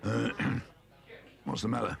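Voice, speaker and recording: A gruff, elderly badger with a gravelly, slow-moving voice. He blusters and fusses, and his pitch swings widely as he does. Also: lively intonation, exaggerated voice. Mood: flustered. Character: gruff elderly male badger, kindly organiser. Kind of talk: 1980s stop-motion cartoon acting.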